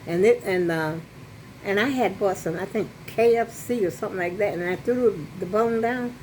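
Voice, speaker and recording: Talking to a phone camera on a selfie stick in her apartment, an older woman vlogs a rambling, chatty story packed with restarts and asides. She speaks at normal speed in a mid-range, slightly mellow voice, captured in a rough recording with a little hiss or hum.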